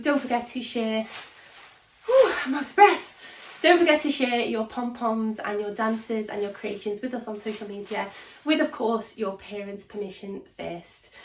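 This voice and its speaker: A woman leading a cheerleading class indoors, energetically counting out the beats as she dances, recorded by a camera a few steps away in an echoey room. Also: fairly high pitch. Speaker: cheerleading instructor. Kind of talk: fitness class instruction. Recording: echoey room, distant mic, faint noise.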